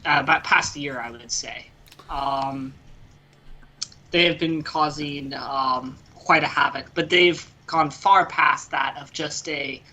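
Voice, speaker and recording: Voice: medium pitch, bright, forceful tone, poor audio. A player voicing an earnest American priest. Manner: earnest, halting, with many fillers. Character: earnest priest adventurer seeking support. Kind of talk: tabletop game role-play.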